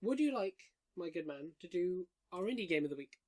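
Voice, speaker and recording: A man's voice: high-pitched, very animated, a little fast, darkish tone. A man hosting a casual gaming news podcast round a table with friends, wry and rambling with lots of fillers. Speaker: podcast host.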